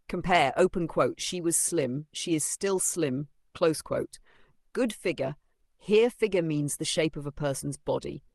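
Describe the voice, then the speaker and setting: Gravelly teacher voice reading a lesson. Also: medium pitch, darkish tone, no room sound. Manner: reads out punctuation like open quote and close quote; methodical, defines words and gives example phrases. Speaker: English teacher. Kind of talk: vocabulary and grammar lesson.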